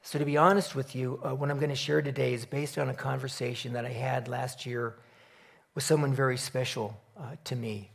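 A man giving a sermon in a relaxed storytelling manner, opening with a joke before turning earnest and reflective. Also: medium pitch, moderate pace, vocal fry. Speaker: preacher.

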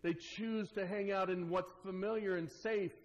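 A male pastor with a fairly high voice delivers a sermon to his church. He swings from ringing, emphatic lines down to soft, hushed asides, with an earnest, lively delivery. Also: moderate pace, low-quality recording.

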